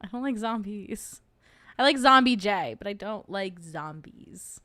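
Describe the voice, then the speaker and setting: A woman's voice: medium pitch, lively intonation, a little slow, pushed and bright, no room sound. A young adult woman hosting a livestream, chatting casually and joking in rambling asides while reacting to a video. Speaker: host.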